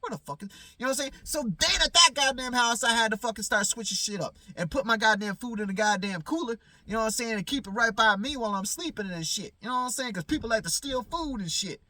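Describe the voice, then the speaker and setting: Man, high voice, casual vlog rant from a parked car, swears a lot, rambles. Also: expressive, fast talker, few pauses, pushed and bright, no room sound. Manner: profane, heated, rambling with many fillers. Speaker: vlogger. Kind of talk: casual storytelling to camera. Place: inside a parked car at night.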